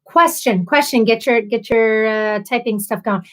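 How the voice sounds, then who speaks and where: On a roughly recorded livestream, a young woman with a slightly high, fairly bright, animated voice talks a little slowly. She chats casually with her viewers, bubbly and rambling, using lots of fillers.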